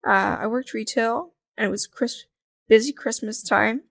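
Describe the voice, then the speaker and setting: Chatty young woman, bright and close. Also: a little high, moderate pace, creaky, no echo. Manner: chatty, frequent "like" fillers, laughs often. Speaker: podcast guest. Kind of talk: casual conversational interview.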